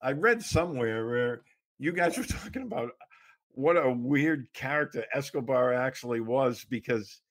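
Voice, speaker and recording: A man hosting an interview, asking questions in a halting way with many fillers. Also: medium pitch, expressive, fairly bright tone. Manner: halting, lots of fillers and restarts. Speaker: interview host.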